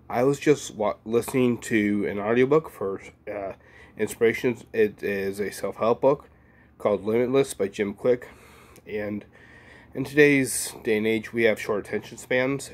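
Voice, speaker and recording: A man talking earnestly in a casual motivational monologue, rambling and repeating himself with many fillers. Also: medium pitch. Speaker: vlogger.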